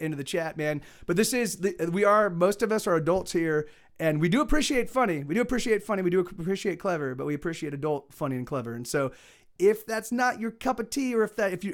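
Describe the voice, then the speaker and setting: A middle-aged male musician streaming live, chatting casually between songs and rambling with many restarts. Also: high-pitched. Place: home streaming setup.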